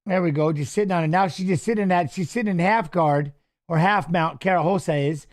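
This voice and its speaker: High-voiced man rambling fight commentary. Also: fairly quick. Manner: rambling, profane, restarts and fillers. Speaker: fight watch-along co-host. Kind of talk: casual live fight commentary and storytelling.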